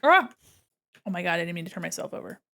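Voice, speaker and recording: A woman art streamer chats casually with her viewers while she draws, thinking aloud as she goes, in a room at home beside a window. Her voice is fairly low, gravelly and fairly bright, very animated and quick.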